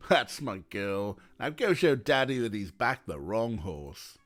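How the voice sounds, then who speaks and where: A man's voice: big pitch swings, slow, a bit bright, full character voice. A man doing a dry, teasing older dad. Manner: dry, teasing and low-key.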